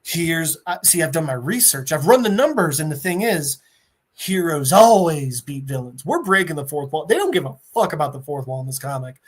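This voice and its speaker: A man's voice: on the high side, very animated, a little fast, husky. A man doing a rambling villainous brain in a jar. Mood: explaining. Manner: rambling, explaining, hesitant monologue.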